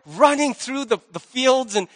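A large church hall's lingering reverb surrounds a male pastor who preaches in a relaxed, conversational way, slipping in jokey asides. He's animated yet measured in pace, and his fairly high voice has a fairly bright tone.

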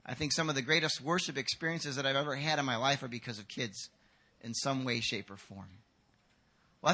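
A man preaching a sermon as pastor, animated and acting out quotes. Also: medium pitch. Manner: animated, acts out quotes with shouts. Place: church hall.

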